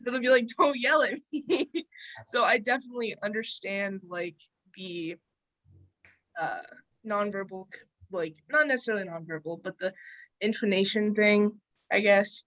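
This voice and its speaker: A woman's voice: mid-range voice, moderate pace, fairly bright tone, no echo, rough recording. A young woman sharing in a casual group discussion, rambling and giggly.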